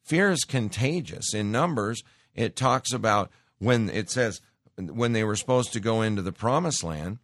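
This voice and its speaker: A man's voice: lowish voice, moderate pace, a bit bright, dry recording, clean studio sound. A man preaching a sermon, reading scripture aloud and exhorting his listeners in an emphatic, direct way.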